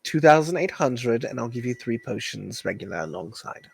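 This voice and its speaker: A man's voice: medium pitch, sing-song, normal speed, vocal fry, breathy edge, dry recording, voice pushed down, full character voice. A man voicing a flirtatious woman shopkeeper with a teasing, coy manner. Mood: bargaining.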